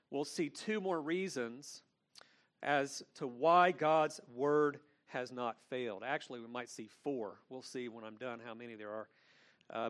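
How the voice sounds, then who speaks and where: A man preaching an expository sermon as pastor, earnest and emphatic, often restating his phrases. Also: fairly high pitch.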